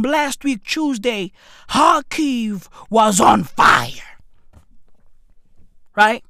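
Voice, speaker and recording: High, animated voice ranting with slang. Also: female voice, extremely slow, creaky, long pauses, no room sound, studio quality. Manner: loud swings from shouting to hushed muttering; slangy, profane, repeats rhetorical questions. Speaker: commentator. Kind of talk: comedic rant.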